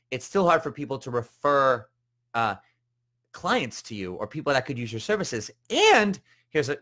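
Chatty rambling male coach. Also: fairly bright tone. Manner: chatty and rambling, with many fillers and restarts; acts out quoted voices with jumps in pitch. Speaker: business coach and show host. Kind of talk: casual live-show monologue.

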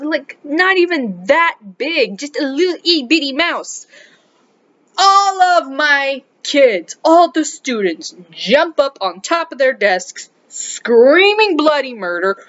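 A woman who teaches high school English, from South America, telling a story in a casual vlog, animated and exasperated, dropping to muttered asides. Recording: dull lo-fi recording.

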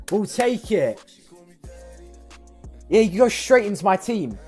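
A man, commenting excitably as he opens football game packs for his stream viewers and yelling at big pulls. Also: fairly high pitch, moderate pace, husky, soft background music. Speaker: gaming streamer. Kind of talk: excitable pack-opening commentary.

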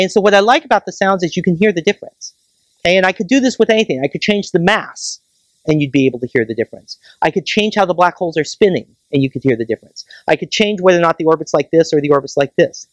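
A staff astronomer giving a public science lecture at a planetarium, explaining with everyday comparisons and checking in with the audience with quick "right?" questions. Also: mid-range voice, lively intonation, no echo.

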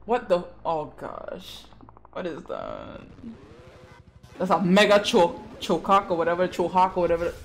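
A streamer giving excitable reaction commentary on a game trailer, swinging between low mutters and shouts and swearing freely. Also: moderate pace, few pauses, soft background music.

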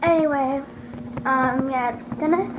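A vlogger with a high-pitched voice talks to her camera at home at a measured pace. She rambles and hesitates, full of ums and restarts, with background noise audible on a clear recording.

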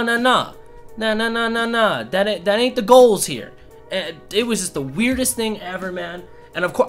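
A young man casually telling a story to camera, acting out quotes with lots of fillers. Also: high-pitched. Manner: animated, acts out quotes, many fillers. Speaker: YouTuber.

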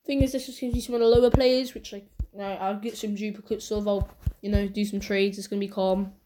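A woman hosting casual pack-opening commentary, chatty and excitable with sudden shrieks. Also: medium pitch, fast, background noise. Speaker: channel host.

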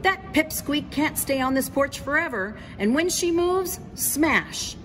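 A woman's voice: high voice, animated, measured pace, slight background noise, voice pushed up. A woman voicing a blustering, pompous male town mayor in a picture book read-aloud, huffy and snorting. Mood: angry.

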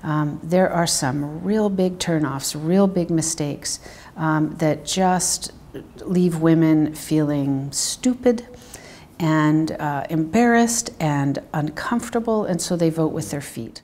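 Low-voiced woman, measured interview talk. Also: mellow. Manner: measured, explanatory, with fillers. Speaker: financial psychologist. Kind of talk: interview answers.

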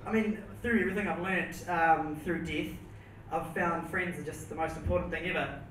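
Young Kiwi male stand-up, nervous and rambling, high-ish voice, distant roomy live recording. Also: steady tone, moderate pace, a bit bright. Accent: New Zealand. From New Zealand. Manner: nervous, rambling, laughs at own jokes. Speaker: stand-up comedian. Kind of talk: stand-up set. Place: comedy venue with audience. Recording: roomy, distant mic with background noise.

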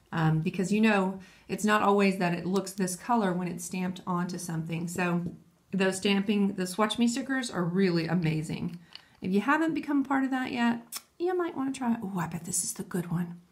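A woman's voice: medium pitch, normal speed. A woman chatting casually and enthusiastically, thinking aloud as she demonstrates nail stamping. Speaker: nail art vlogger. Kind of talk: casual tutorial chat.

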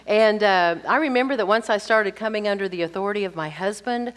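A woman's voice: medium pitch, brisk, few pauses, fairly bright tone. A middle-aged woman teaching a sermon to women, earnest and explanatory, often checking in with rhetorical questions.

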